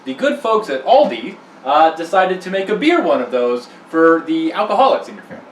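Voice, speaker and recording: A man's voice: fairly high pitch, very animated, brisk. A man co-hosting a casual beer review, joking as he leads the tasting. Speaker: co-host. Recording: echoey room, far from the mic, faint hiss.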